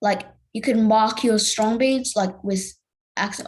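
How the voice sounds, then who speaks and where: A woman's voice: fairly high pitch, moderate pace, low-quality recording. A young woman teaching a music theory lesson in a casual, hesitant way, with many fillers and restarts.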